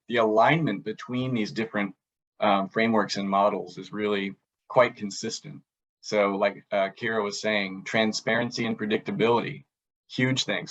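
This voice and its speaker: Low-voiced man giving an academic talk. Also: a bit bright, highs cut off. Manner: earnest, many fillers and restarts. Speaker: psychiatry grand rounds presenter. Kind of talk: academic presentation.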